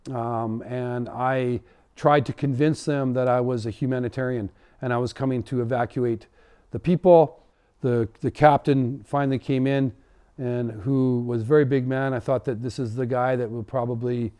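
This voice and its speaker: A man from Canada, a humanitarian volunteer, recounting a personal story in a halting, reflective way, with many fillers and restarts. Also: medium pitch, mellow, clear, resonant tone.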